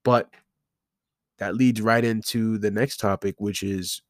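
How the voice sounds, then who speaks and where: A man's voice: fairly low pitch, fairly even intonation, slow pace, dry recording, studio quality. A man hosting a solo podcast, talking casually and rambling with many fillers and restarts. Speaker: podcast host.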